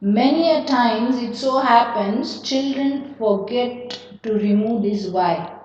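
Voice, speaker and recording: A woman with an Indian English accent teaching a grammar lesson, repeating each word pair slowly and telling students to be careful. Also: fairly high pitch, a little mellow, a little hiss or hum. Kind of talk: classroom grammar lecture. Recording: echoey room, distant mic, dull lo-fi sound.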